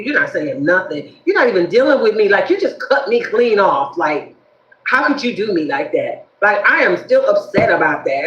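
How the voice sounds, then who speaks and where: A woman's voice: medium pitch, a bit bright, roomy sound, highs cut off, natural voice. A woman voicing a resentful, controlling ex-partner who whines and wheedles to get back in. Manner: accusing, whiny, wheedling.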